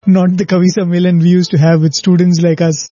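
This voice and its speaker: A man's voice: high voice, little pitch movement, fairly quick, mellow, dry recording. An older man recounting a spiritual anecdote in conversational storytelling, often laughing and saying "you know.". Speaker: guest recounting stories. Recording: slightly muffled recording with faint music.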